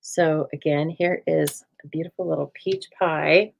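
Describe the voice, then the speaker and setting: A woman's voice: low voice, steady tone, unhurried, creaky, a little mellow, lo-fi sound. Chatty woman hosting a live craft demo. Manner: chatty, playful, reads viewer comments aloud. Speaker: craft show host. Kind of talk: live stamping demo chat.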